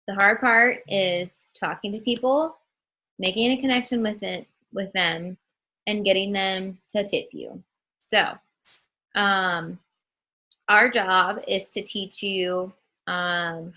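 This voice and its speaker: A woman leading a casual training call for new models, talking in a slow and chatty way with many ums and calling her listeners guys. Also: medium pitch, fairly even intonation, pushed and bright, low-quality recording.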